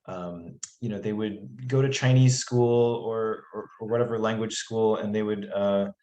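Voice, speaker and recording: A man's voice: fairly low pitch, steady tone, normal speed, warm tone, muffled recording. Rambling American man in a roomy room. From United States. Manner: thoughtful, rambling, many restarts and fillers. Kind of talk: casual podcast chat.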